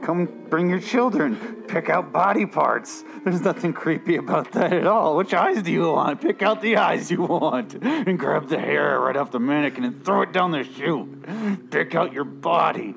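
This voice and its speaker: A man voicing a pushy male pitchman in a mock advertisement, speaking through clenched teeth with a tense neck. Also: animated, normal speed, vocal fry, fairly bright tone, soft background music. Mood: hard-selling. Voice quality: strained, clenched-teeth delivery.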